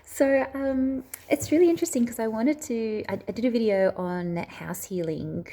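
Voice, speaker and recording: A woman's voice: on the high side, moderate pace, dark tone. A woman hosting her own spiritual video channel, telling a personal story in a chatty, rambling way that drifts off track, with frequent hesitations and restarts. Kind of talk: casual storytelling to camera.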